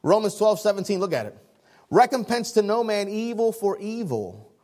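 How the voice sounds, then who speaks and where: A man preaching a sermon, lively and conversational, laughing often and acting out people's reactions. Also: sits high, moderate pace. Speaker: pastor.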